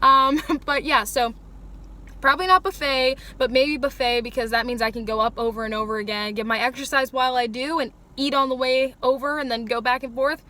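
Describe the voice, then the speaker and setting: A woman's voice: high-pitched, fairly even intonation, fairly quick, pushed and bright. A young woman vlogger talking casually to the camera, rambling and joking at her own expense. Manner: chatty, joking, self-mocking.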